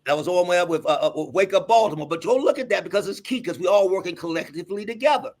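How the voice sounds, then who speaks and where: A middle-aged man, a doctor, telling emphatic stories in a lively, husky voice. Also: high voice, fast. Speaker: guest doctor. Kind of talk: animated storytelling.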